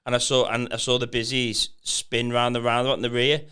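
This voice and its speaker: A man hosting a podcast in casual chat, agreeable and full of quick yeahs. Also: medium pitch, level tone, pushed and bright, clear, resonant tone. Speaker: podcast host.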